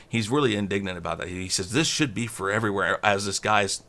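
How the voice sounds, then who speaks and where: A man's voice: on the low side, fairly even intonation, a little fast, few pauses, bright, forceful tone. A man co-hosting a movie review show, retelling scenes casually and acting out the characters' lines. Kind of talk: casual film discussion.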